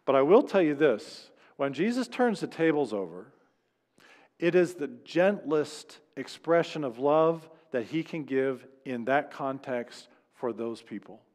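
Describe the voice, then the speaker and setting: A male pastor preaches to his congregation in a casual, conversational way, now and then slipping into the voices of the people he quotes. His voice sits a little high for a man, and it rings out with the long reverb of a church sanctuary. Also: lively intonation, measured pace, darkish tone. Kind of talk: sermon.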